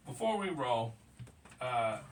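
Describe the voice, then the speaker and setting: A man's voice: mid-range voice, very animated, very slow. A man hosting a casual podcast chat, laughing often and swearing as he tells stories. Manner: laughing, profane storytelling. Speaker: podcast host. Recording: distant mic with faint noise.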